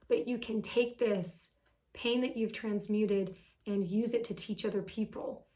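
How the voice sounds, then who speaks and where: A woman's voice: on the high side, a little mellow. Affectionate woman giving a tarot reading. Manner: emotional, affectionate, gushing, sighing "whew". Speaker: tarot card reader. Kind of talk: casual tarot reading to camera.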